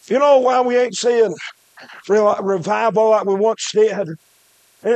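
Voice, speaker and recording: A man preaching a shouted revival sermon in a church, punctuating his phrases with "uh" and "hey" and dropping low between the shouts. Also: no room sound.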